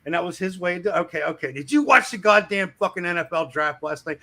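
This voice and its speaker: A man telling a crude work story in casual chat, acting out the shouting of his coworkers. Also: sits high, fast, hardly any pauses. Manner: animated, acts out shouting coworkers.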